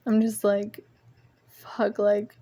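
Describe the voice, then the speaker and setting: A woman's voice: a little high, fairly even intonation, a little slow, dark tone. Frustrated rambling woman venting to her phone. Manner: frustrated, rambling, swears often, laughs at herself. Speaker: vlogger. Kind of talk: casual venting monologue. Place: indoors at home among art supplies. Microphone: phone propped nearby.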